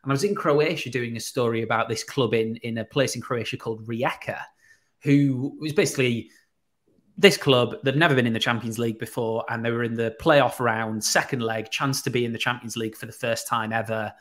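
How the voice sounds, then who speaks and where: Brisk and mid-range, this man from Teesside swaps stories in relaxed anecdotal chat. He acts out quoted voices as a lively storyteller, and he's known as a radio presenter and podcast guest.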